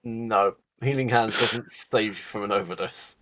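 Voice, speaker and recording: A game master narrates in a matter-of-fact, wry way. His voice sits slightly low and stays even. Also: unhurried.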